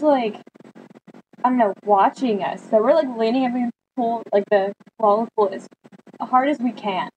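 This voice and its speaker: A teenage girl tells a long personal story to her camera in a casual, chatty way, jumping into lively quotes of her friends and family. Her voice sits a little high, and a faint hiss runs under the recording. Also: low-quality recording. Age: teens. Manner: chatty, animated quoting of friends. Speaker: vlogger.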